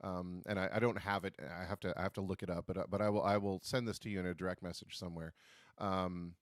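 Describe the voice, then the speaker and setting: A man hosting a live stream, reading out comments and chatting in a halting, casual way. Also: low-pitched, flat delivery, no echo, studio quality. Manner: chatty, halting, repeats words when starting. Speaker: host of a live stream show.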